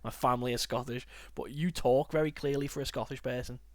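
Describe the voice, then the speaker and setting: A man's voice: mid-range voice, quick pace, no echo. A young man with a northern English accent, chatting loosely as a podcast host. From north of England, near Liverpool. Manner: chatty, rambling, animated when joking. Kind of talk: casual podcast chat.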